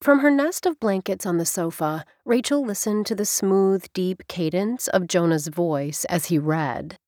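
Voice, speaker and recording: Conversational female audiobook narrator, lower voice, dry studio read. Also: unhurried, darkish tone, no echo.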